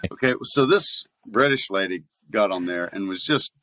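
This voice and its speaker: A man's voice: lowish voice, unhurried. A man who works as a voice actor, talking casually as a guest and telling stories with frequent laughs. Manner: chatty storyteller, laughs often, animated voice play. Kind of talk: casual podcast interview.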